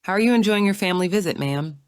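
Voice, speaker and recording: A woman voicing a sharp-tongued young lady in an audiobook, smug and wry with poised composure. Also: mid-range voice, animated, fast talker, smooth, dry recording, clean studio sound, pitched above the performer's own voice, close to an everyday voice. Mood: friendly. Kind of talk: audiobook character reading.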